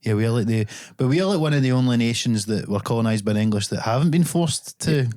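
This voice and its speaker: A Glaswegian man hosts a relaxed podcast chat. He talks in loose, rambling runs, swears casually and slips in dry jokes. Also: mid-range voice, quick pace. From Scotland. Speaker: podcast host.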